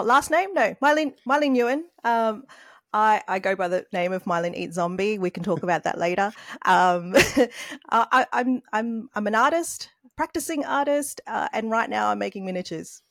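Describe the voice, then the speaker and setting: Chatty Australian woman, crisp and dry. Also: a little high, moderate pace, a bit bright, no room sound. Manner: chatty, laughing, lots of "like" and "you know". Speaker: guest miniature artist. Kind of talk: casual podcast chat.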